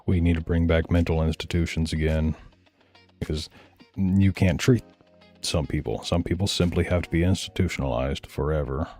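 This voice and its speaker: A man's voice: rumbling low, steady tone, moderate pace, a little mellow. A man giving blunt, profane, heated commentary while reacting to videos, with faint music behind. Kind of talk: casual ranting commentary.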